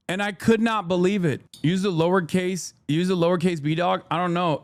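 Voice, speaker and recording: A man's voice: high-pitched, normal speed, no echo. A man hosting a livestream in casual commentary, talking bluntly with plenty of swearing, thinking aloud and arguing back at his chat. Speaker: livestream host.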